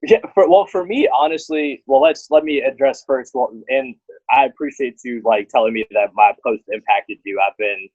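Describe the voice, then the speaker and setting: A man's voice: medium pitch, normal speed, a little mellow, no echo, dull audio. A man hosting a casual conversation, telling a long story and acting out both sides of the dialogue. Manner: rambling storyteller, acts out dialogue. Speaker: podcast host.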